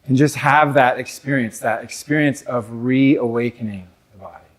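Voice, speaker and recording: A man's voice: mid-range voice, normal speed. Brief: young adult North American man, speaking to a live audience, conversational and reflective, mid-range voice. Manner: reflective, conversational, many fillers and asides. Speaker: men's work speaker.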